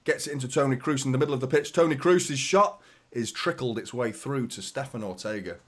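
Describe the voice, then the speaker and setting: A hoarse man with a sore throat hosts a fan watchalong, giving live match commentary mixed with chatty, sweary, teasing banter. His pitch is medium and his pace brisk.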